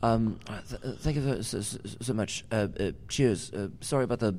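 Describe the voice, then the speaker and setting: A man putting on a groggy rock star with an Australian accent, leaving a halting voicemail full of ums and uhs. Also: lowish voice, darkish tone, voice pushed down, natural voice. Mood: sheepish.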